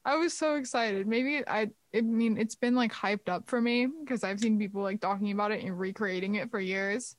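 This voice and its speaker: A woman's voice: mid-range voice, moderate pace, few pauses, dry recording. A young woman co-hosting a podcast, reacting with enthusiastic, giggly casual chat. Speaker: podcast co-host.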